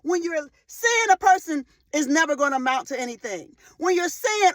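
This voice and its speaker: Speaking at a moderate pace with hardly any pauses, an animated woman in her forties preaches faith-based motivation in a high, ringing voice. Fervent and insistent, she repeats key phrases and swells into loud, emotional bursts, captured close and dry without echo.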